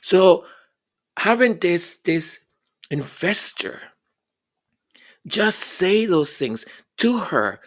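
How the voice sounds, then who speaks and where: A man's voice: sits high, very animated, drawn-out words, long pauses. A man giving earnest, reflective commentary. He often repeats words as he searches for them and acts out the voices he quotes.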